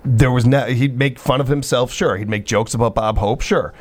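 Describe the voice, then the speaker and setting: A male morning radio host in the studio, talking in an easygoing, chatty way. His pitch sits in the middle range. He breaks off sentences and restarts them often, and sometimes clears his throat. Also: moderate pace, darkish tone. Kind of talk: casual radio banter.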